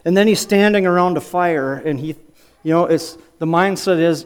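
A man's voice: a little high, normal speed, clear, resonant tone. A middle-aged man giving a conversational sermon, asking rhetorical questions and often restarting his sentences. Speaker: preacher and high school wrestling coach.

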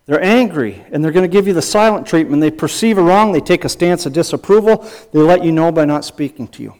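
A man preaching from the pulpit, his voice sitting a little high for a man. He talks emphatically, repeats his phrases and asks the congregation rhetorical questions as he makes his points. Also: lively intonation, brisk, a little mellow. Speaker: pastor and counselor. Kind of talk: sermon.

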